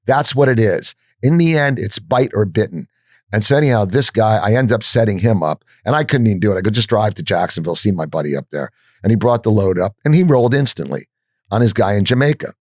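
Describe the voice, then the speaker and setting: A man telling his story as a podcast guest, blunt and profane, animated and full of restarts. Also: lowish voice, fast, no echo, clean studio sound.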